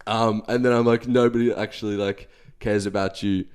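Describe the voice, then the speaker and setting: A man's voice: on the low side, little pitch movement, normal speed, darkish tone, clean tone. A young man, co-hosting a podcast and telling a long self-deprecating story in casual chat with lots of fillers. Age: young adult. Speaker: podcast co-host.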